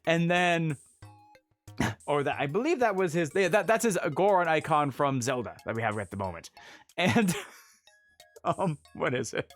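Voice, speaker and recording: A man's voice: a little high, animated, measured pace, long pauses, faint music behind. A man casually telling a travel story on a livestream, laughing often and breaking off to answer chat.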